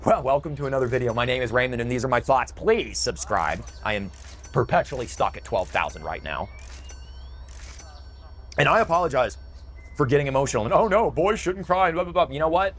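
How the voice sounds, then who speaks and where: A man's voice: medium pitch, animated, brisk, long pauses, a bit bright, slight background noise. A middle-aged man delivering an emotional, bitter ranting monologue in a video. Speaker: video commentator.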